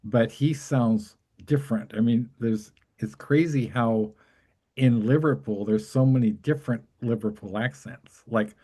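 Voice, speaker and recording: Excited rambling man with a mellow voice. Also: medium pitch, measured pace, breathy edge. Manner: excited, rambling, laughs often. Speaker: host. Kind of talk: casual chat.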